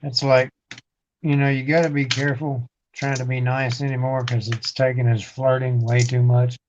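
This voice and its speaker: A man's voice: mid-range voice, level tone, normal speed, darkish tone, a little hiss or hum. A man co-hosting a casual stream, telling rambling, laid-back anecdotes. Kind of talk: casual livestream chat. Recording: dull lo-fi stream audio.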